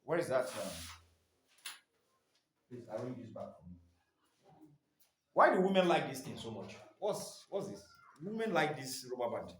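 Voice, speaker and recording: A man's voice: medium pitch, very animated, normal speed, pauses often. A man teaching staff in a training session, leaving his sentences open for the class to finish. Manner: quizzing listeners with fill-in questions. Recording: echoey room.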